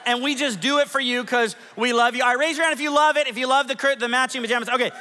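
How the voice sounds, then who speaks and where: Pastor, forties, high voice, playful storytelling sermon in a big hall. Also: male voice, racing. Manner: lively, self-mocking storytelling with audience polls. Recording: long hall reverb.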